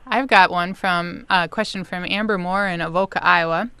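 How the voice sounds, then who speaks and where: Smooth low-voiced Minnesotan woman co-host. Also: steady tone, normal speed, sharp tone, no echo. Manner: reading listener questions aloud. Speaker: radio co-host.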